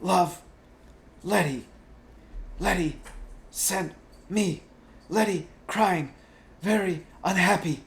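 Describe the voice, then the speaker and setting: A man's voice: slow pace, creaky, long pauses, full character voice. A man doing a panting, desperate dog-man. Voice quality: high strained panting voice. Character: panting cursed young man turned dog.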